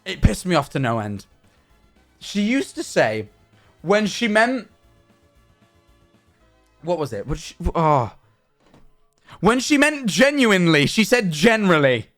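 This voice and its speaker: A man talks casually to his stream audience in a high, bouncy voice that swings widely in pitch. He rants animatedly and swears freely. Faint music plays behind him. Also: slow, pauses often. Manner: animated ranting, frequent swearing. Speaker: livestreamer. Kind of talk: casual chat to stream viewers.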